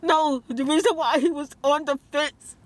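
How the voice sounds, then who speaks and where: A high-voiced woman vlogs in a heated, emotional rant. She talks fast and gets tearful, breaking off to quote other people. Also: fairly even intonation. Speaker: vlogger.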